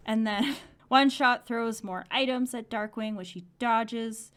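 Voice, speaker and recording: A woman's voice: a little high, a little slow, few pauses, clean tone. A woman co-hosting a podcast, animatedly recapping a comic in casual chat and laughing often. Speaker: podcast co-host.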